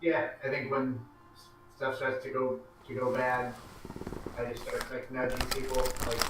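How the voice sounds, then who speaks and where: Flat-voiced man, echoing from afar. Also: mid-range voice, a little slow, far from the mic, noisy background. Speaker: player. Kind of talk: tabletop game chat.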